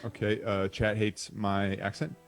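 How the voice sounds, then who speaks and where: A man's voice: fairly low pitch, little pitch movement, measured pace, soft background music. Flustered man narrating a comedy script. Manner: flustered and self-deprecating. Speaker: narrator and show host.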